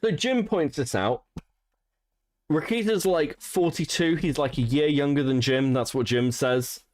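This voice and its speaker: A man's voice: on the high side, unhurried, darkish tone. A young man co-hosting a casual commentary podcast, ranting and swearing in exasperation. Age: young adult. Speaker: podcast co-host.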